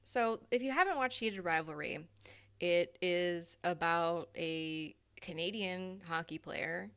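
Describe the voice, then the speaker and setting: A woman's voice: lowish voice, slow pace, fairly bright tone, clear, resonant tone. A young adult woman hosting a casual live stream, chatty, laughing often and swearing freely.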